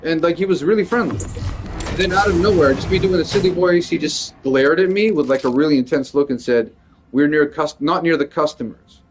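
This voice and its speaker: A male comedian rants in a loose, rambling way, swearing often and padding his sentences with "like". His voice sits a little higher than most men's. A faint vehicle rumble stays low in the background. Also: fairly quick. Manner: rambling, profane, lots of "like". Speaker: stand-up comedian. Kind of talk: casual venting monologue.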